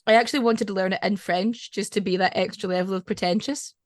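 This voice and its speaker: A woman's voice: medium pitch, steady tone, quick pace, no echo, studio quality. A Scottish woman hosting a podcast in casual chat. She is chatty and digressive and laughs often. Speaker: podcast host.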